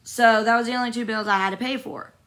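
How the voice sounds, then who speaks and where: A young woman, hoarse from being sick, talks straight into her phone during a livestream from a hotel room. Her voice is bright and forceful, and her talk is blunt and profane, rambling from one grievance to the next while she answers the comment feed. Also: a little high, steady tone, quick pace. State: hoarse from illness. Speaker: livestreamer reading viewer comments. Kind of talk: casual livestream venting.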